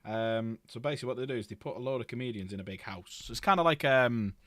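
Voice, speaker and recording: A British man talking fast in a casual co-hosted chat, chatty and given to casual swearing. His voice sits at a middle pitch and is recorded dry, with no room sound. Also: a bit bright, no room sound. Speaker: co-host.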